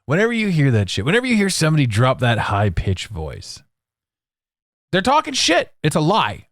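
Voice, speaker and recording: A man talks to his listeners in a loose, confessional ramble, full of restarts and casual swearing. His pitch swings widely as he talks. The sound is dry and close, with no room around it. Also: sing-song, a little fast, no room sound. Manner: candid, profane, meandering with restarts. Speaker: podcast host.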